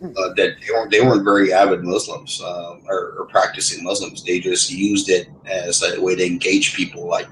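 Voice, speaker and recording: A man with a very low voice talks loosely in a voice chat, stumbling through restarts and "uh"s as he goes. A faint hiss of noise sits under his speech. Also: level tone, fairly bright tone, rough recording. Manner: rambling, halting with many fillers and restarts. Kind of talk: casual voice chat.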